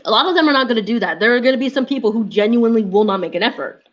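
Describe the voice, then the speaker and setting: A woman guest on a casual film review chat, expressive as she retells scenes and acts out the quotes. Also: fairly high pitch, racing. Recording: slightly muffled audio.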